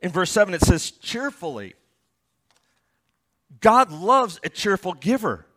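Man preaching a sermon, slightly high voice. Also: sing-song, measured pace, fairly bright tone. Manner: reads scripture aloud, then explains it with stories and asides. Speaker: pastor.

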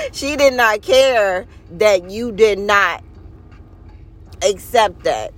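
A woman talks straight to her podcast listeners in an unhurried, heartfelt monologue. She leans into key words and draws them out, sounding earnest and a little preachy as she encourages them. Her pace stays slow and deliberate throughout. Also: mid-range voice. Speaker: podcast host. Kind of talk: casual inspirational monologue.

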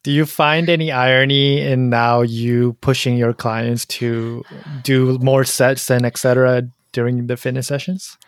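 Female host, very deep voice, dry close sound, asks easy follow-ups. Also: steady tone, measured pace, no room sound. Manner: laughs along, asks follow-up questions. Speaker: interviewer. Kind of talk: casual interview.

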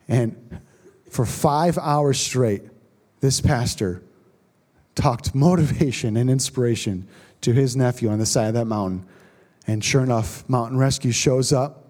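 A man preaching a sermon, telling a story dramatically and dropping to a hush at the tense moments. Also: mid-range voice, measured pace. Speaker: pastor.

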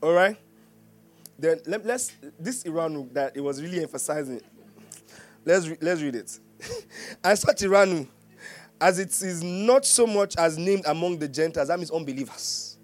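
A man's voice: fairly high pitch, animated, normal speed, pauses often, faint music behind. A man with a Nigerian accent preaching a sermon as pastor, joking and laughing often and asking the congregation questions.

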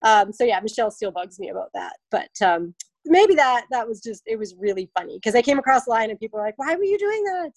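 A woman's voice: medium pitch, fast talker, dry recording, rough recording. A woman in her thirties chatting about racing, telling stories and acting out what people said to her. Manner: chatty storyteller, acts out quotes with lively voices. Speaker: guest, obstacle race athlete. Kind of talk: casual podcast interview.

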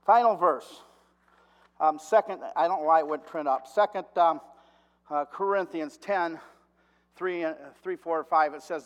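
A man's voice: high voice, a bit bright, long reverb tail. A man in his sixties preaching a folksy sermon, repeating his key phrases. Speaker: lay preacher.

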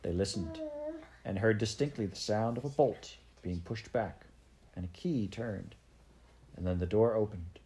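Very low-voiced woman reading a story. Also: a little slow, dark tone. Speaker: narrator. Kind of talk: audiobook narration.

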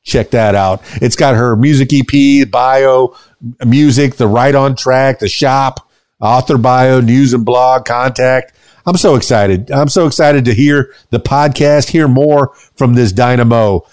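A man's voice: mid-range voice, unhurried, a little mellow, dry recording, studio quality. A man hosting a podcast, signing off with an upbeat, emphatic delivery. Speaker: podcast host. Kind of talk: podcast outro.

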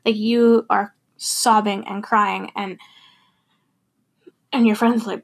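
A woman's voice: medium pitch, flat delivery, slow pace, gravelly, pauses often. A young adult woman talking candidly and thoughtfully about her feelings in a personal monologue, laughing now and then.

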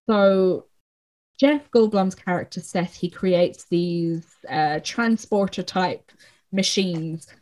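A young woman chatting casually about a film. She is loose and talkative, fills her sentences with filler words and drops the occasional swear. Her voice sits a little low for a woman. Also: darkish tone.

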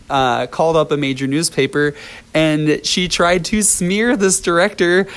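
A man's voice: a little high, vocal fry, a bit bright. A man, a dance teacher, telling a personal story in a chatty vlog, with laughs, ums and restarts.

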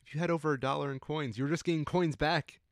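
A man's voice: fairly high pitch, steady tone, fast talker, no echo, studio quality. A young man co-hosting a casual podcast, telling a story with wry asides. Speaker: podcast co-host.

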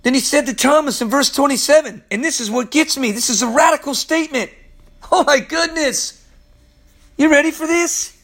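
A man preaching in an excited, informal way, laughing often and repeating lines for emphasis as the host of a Bible teaching show. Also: extremely high pitch, moderate pace.

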